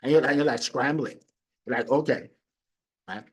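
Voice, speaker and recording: A middle-aged man coaching on sales, talking in an animated way and acting out his prospects. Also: mid-range voice, brisk, breathy edge. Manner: animated, acts out clients and prospects in quoted voices. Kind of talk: motivational sales talk.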